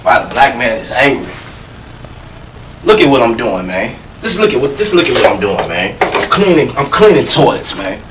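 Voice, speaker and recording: A man's voice: medium pitch, sing-song, moderate pace, recorded from a distance, noisy background, natural voice. An actor playing a bitter janitor in his thirties, complaining in a weary way. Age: 30s. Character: fed-up man in his thirties cleaning toilets, bitter.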